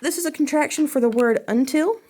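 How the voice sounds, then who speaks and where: A woman's voice: sits high, fairly quick, warm tone, a little hiss or hum. A woman teacher giving a recorded class lesson, talking casually and checking in often with "okay?".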